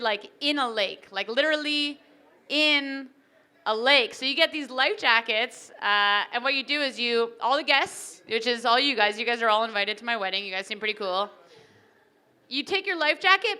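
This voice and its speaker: Young woman, stand-up comic, bright forceful voice, smooth and crisp, fairly high. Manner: animated, chatty, acts out characters. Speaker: stand-up comedian. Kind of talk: stand-up comedy set. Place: wedding reception hall.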